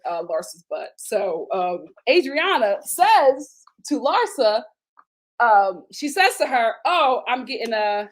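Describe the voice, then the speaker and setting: A woman hosting a casual TV recap, animated and indignant, her voice jumping up high when she gets outraged. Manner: casual, with fillers and slang. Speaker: host. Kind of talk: live TV recap commentary.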